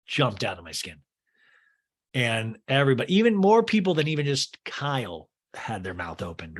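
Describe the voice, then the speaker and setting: Man, podcast host, comedic TV recap, sarcastic, animated pitch. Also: normal speed. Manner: sarcastic, profane asides.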